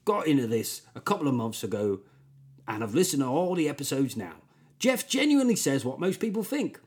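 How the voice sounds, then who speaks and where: A man voicing a male listener in a put-on West Country accent, reading a fan review in a slow, exaggerated drawl. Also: medium pitch, big pitch swings, darkish tone, slightly rough. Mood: praising.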